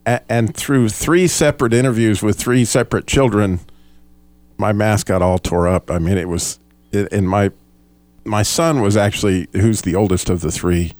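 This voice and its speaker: A man's voice: fairly low pitch, moderate pace, darkish tone, dry recording. A middle-aged man hosting a radio talk show, chatting casually with frequent self-deprecating restarts.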